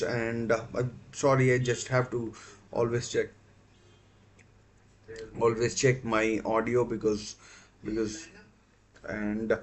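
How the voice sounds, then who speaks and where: A man hosting a live football watchalong stream, talking casually with many fillers and self-corrections. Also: mid-range voice.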